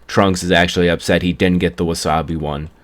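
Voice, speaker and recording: Low-voiced man rambling through a recap. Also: level tone, a little fast. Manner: rambling, laughs at the story. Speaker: anime reviewer. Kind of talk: casual episode recap.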